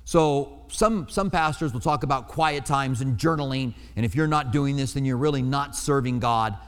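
A man's voice: mid-range voice, normal speed, smooth. Man preaching in an echoing hall. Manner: conversational, acts out quoted lines. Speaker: pastor. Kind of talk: sermon.

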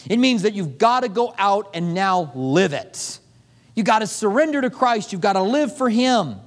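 A man's voice: high-pitched, moderate pace. A man preaching a sermon as pastor, acting out little dialogues as he goes. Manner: animated preaching with acted-out dialogue. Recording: long hall reverb.

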